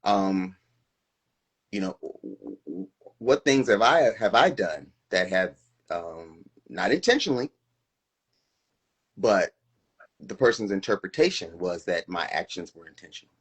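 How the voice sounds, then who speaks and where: A man's voice: sits low, big pitch swings, a little slow, pauses often, a bit bright, slightly rough. A middle-aged man co-hosting a casual live-stream chat, talking in a reflective, earnest way. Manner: reflective, earnest, self-questioning. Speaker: co-host.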